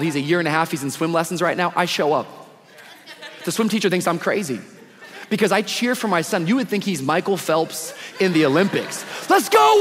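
A man's voice: high-pitched, a bit bright, slight background noise. A man in his thirties preaching a live sermon to a church congregation, casual and slangy but full of energy. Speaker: guest pastor. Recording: long reverb of a big hall.

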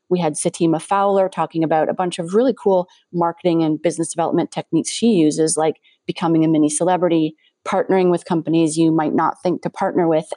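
A woman's voice: deep voice, warm tone, dry recording, studio quality. A woman with a Canadian accent hosting a podcast interview, talking in an upbeat, conversational way. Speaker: podcast host.

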